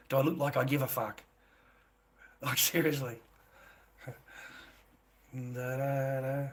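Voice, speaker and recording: Brash Australian bloke streaming, husky and forceful, firing off taunts and swearing at viewers. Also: male voice, mid-range voice, little pitch movement, moderate pace, pauses often. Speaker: livestreamer answering chat. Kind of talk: profane livestream rant.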